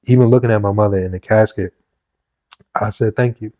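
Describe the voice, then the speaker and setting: Host type: lowish-voiced man, animated storyteller, dry close sound. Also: brisk, no room sound. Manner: animated storytelling, acts out quotes. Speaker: podcast host. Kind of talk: casual conversation.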